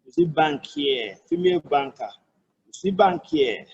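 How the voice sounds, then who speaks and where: Giving an online French lesson, a Nigerian-accented tutor speaks a little high with fairly even intonation, some vocal fry, and a slightly mellow, breathy quality. He patiently repeats and breaks down each phrase in slow, careful examples; the sound is lo-fi.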